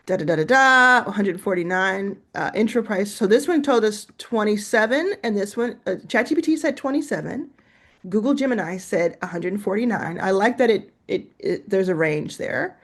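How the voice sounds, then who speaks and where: A woman's voice: mid-range voice, expressive, normal speed, fairly bright tone. A woman hosting a casual screen-share tutorial, chatting and reacting as she goes, laughing to herself while she types and reads aloud. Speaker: host.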